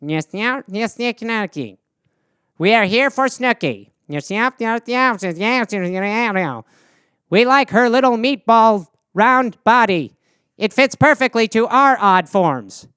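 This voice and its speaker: A man's voice: high-pitched, expressive, slow, fairly bright tone, smooth, no echo, clean studio sound, exaggerated voice. A man voicing a dim, polite male alien visitor who keeps repeating yes and yep, in a comedy bit. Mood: eager.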